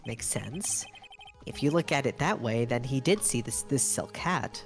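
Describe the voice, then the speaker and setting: A woman's voice: very deep voice, animated, measured pace, music in the background, voice pushed down, heavily acted. A woman voicing an elderly male courtroom judge who is hesitant and mildly baffled, reading game dialogue aloud. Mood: musing.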